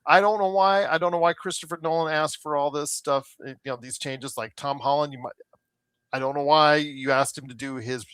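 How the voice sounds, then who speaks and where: A man's voice: mid-range voice, fairly bright tone, clean tone, no echo. Rambling man on a casual podcast. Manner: rambling, many fillers and restarts; exasperated about controversies. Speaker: podcast co-host. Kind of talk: casual chat. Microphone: remote call mic.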